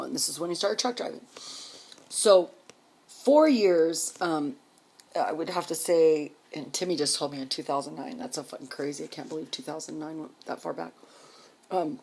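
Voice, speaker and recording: A woman casually telling a personal story, blunt and full of swearing, clearing her throat now and then. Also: low-pitched, moderate pace, darkish tone. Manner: blunt, profane, candid.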